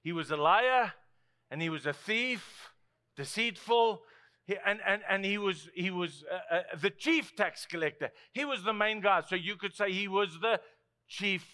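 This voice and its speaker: Animated high-voiced South African preacher. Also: male voice, a little slow. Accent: South African English. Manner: animated, swings between loud asides and hushed quoted lines. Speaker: pastor. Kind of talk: sermon.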